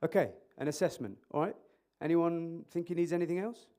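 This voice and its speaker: Animated man quizzing a conference audience. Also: on the high side, a little fast. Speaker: conference speaker, emergency clinician. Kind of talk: interactive conference talk. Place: conference hall. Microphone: microphone.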